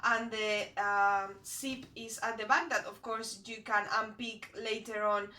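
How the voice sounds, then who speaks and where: A chatty woman talks her viewers through a sewing project, rambling and pausing to find her words. Her voice is bright and sits a bit high. The room around her is echoey. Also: flat delivery. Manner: chatty and rambling, with frequent hesitations. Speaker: sewing vlogger. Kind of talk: casual how-to chat. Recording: roomy echo.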